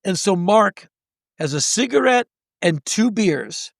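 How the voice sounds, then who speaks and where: Gravelly, high-voiced man in his sixties telling stories. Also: slow pace, dry recording, clean studio sound. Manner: animated storyteller who acts out the people in his stories. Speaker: podcast guest. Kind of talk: storytelling in conversation.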